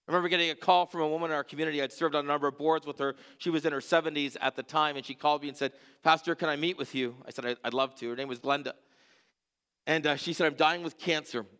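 A man preaching as a church pastor, telling stories in an earnest way and dropping to a hushed voice at moving moments. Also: a little high, steady tone, fast talker, smooth. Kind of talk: sermon storytelling.

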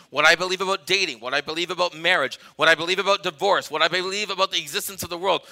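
Male preacher, very bright cutting tone, emphatic sermon delivery with quoted anecdotes. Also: fairly high pitch. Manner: emphatic and repetitive, swinging from loud to hushed; retells meetings with quoted dialogue. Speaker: pastor.

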